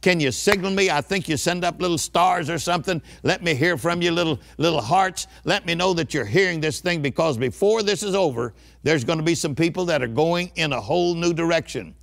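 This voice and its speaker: A man's voice: on the high side, a little fast, gravelly, hardly any pauses. Older man preaching with fervent emphasis. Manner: emphatic call-and-response preaching. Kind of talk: sermon.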